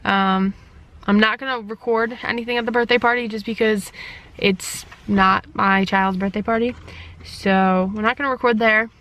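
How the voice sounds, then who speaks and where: A woman's voice: medium pitch, steady tone, moderate pace, fairly bright tone, dull audio. Chatty woman vlogging to camera. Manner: chatty and rambling, with fillers. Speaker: family vlogger. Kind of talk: casual vlog chat to camera.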